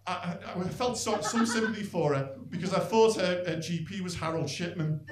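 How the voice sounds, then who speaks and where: A man's voice: high-pitched, brisk, noisy background. A middle-aged man from St Helens with a Northern English accent, doing a dry, rambling stand-up set in a comedy club. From North West England. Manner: dry, self-deprecating, rambling delivery with frequent "really" tags. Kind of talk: live stand-up routine. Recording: echoey club with audience. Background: audience laughter.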